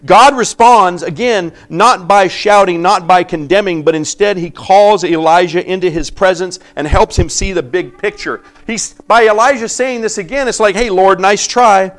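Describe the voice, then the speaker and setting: A man preaching a sermon, reading scripture aloud and acting out the voices in it, swinging from loud emphasis to quiet asides. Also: sits high, normal speed, hardly any pauses. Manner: animated preaching, acting out biblical voices with sudden quiet drops. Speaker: pastor.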